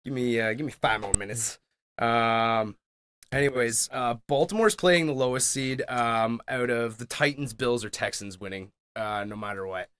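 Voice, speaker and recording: A man hosting a casual sports chat, halting with ums as he steers back on topic. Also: medium pitch, fairly bright tone, clean tone.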